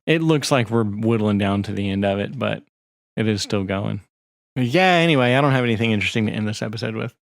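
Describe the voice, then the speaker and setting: A man's voice: fairly low pitch, lively intonation, fast, gravelly, dry recording. A man co-hosting a podcast in casual chat, rambling and swearing freely while he reads text off a screen. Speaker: podcast co-host.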